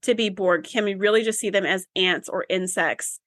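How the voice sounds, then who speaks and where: A woman's voice: medium pitch, normal speed, fairly bright tone, no room sound, studio quality. A woman co-hosting a podcast, talking through a TV episode in an earnest, thoughtful and enthusiastic way. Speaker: podcast co-host. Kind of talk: casual chat about a TV episode.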